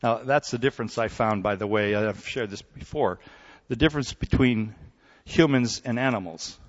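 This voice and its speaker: A man preaching a sermon in a relaxed, conversational way, telling stories and often checking in with his listeners. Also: lowish voice, normal speed. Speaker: pastor. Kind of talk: sermon with storytelling. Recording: dull recording in a hall with long reverb.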